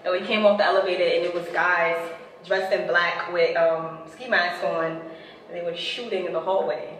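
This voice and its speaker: This New York–accented Bronx native strolls her neighborhood, giving an informal tour in street slang and thinking back on growing up there. Her voice sits on the low side, with fairly even intonation and a moderate pace. Recorded outdoors, the sound is echoey and far off, with heavy street noise.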